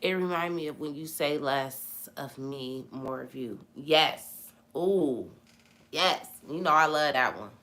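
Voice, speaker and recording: A young woman with a bright, forceful tone and a slightly low pitch talks through scripture in a relaxed live-stream chat. She preaches in an animated way, circling back to the same lines for emphasis. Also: slow. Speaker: host of a live Bible chat. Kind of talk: casual live-stream Bible talk, reading viewer comments.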